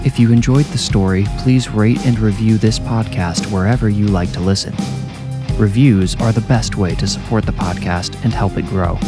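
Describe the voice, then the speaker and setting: A man narrating a first-person horror story as podcast host, measured and grave. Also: fairly low pitch, steady tone, over music.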